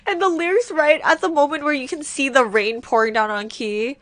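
A woman gushing through casual reaction commentary, excitable, swearing often and saying "oh my god" a lot. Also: high-pitched, brisk, no room sound. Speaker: reaction video creator. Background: faint music video playing.

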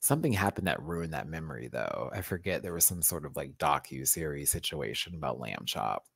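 A man's voice: rumbling low, animated, fairly quick, gravelly, a bit bright, husky, dry recording. A man hosting a casual live-stream chat, sassy and campy, laughing often and using playful slang. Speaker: host.

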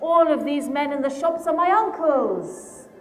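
A woman's voice: high-pitched, expressive, a little slow, big-room sound, voice pushed up. A woman voicing a cheerful, obliging young man of about twenty in her story.

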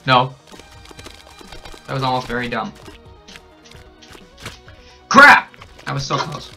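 A young man hyped up on energy drinks, narrating his gameplay, yelling and cackling at every death and win. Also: mid-range voice, racing, creaky, husky, faint music behind. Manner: excitable, shouts and cackles at the game. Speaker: gaming channel host. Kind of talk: hyper gameplay commentary. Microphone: desk mic with a camera nearby.

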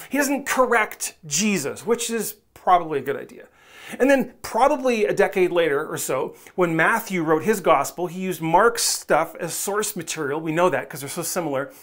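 A pastor preaching a sermon in a relaxed, conversational way, coaxing listeners and acting out the voices they might hear in their heads. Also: mid-range voice. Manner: conversational, coaxing, asks the audience directly; acts out quoted inner voices.

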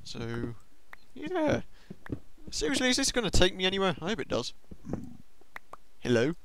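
A young man giving excitable let's-play commentary on a game, talking to himself and to the monsters. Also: sits high, normal speed, a little hiss or hum. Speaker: gaming video host.

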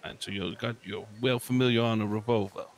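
Laid-back low-voiced cowboy man. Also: steady tone, a little fast, slight background noise. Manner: drawling, laid-back Western cowboy talk. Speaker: roleplayer playing a gunslinger. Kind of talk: in-character roleplay chat.

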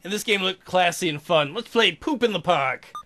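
A man hosting a let's play of a video game, excitable, laughing and swearing as he plays. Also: sits high, moderate pace, slight background noise. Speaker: gaming channel host.

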